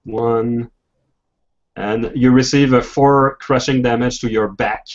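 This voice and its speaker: A man's voice: mid-range voice, fairly even intonation. Man running a tabletop game, lo-fi sound. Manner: halting, many restarts and fillers. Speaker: game master. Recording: dull lo-fi voice chat audio.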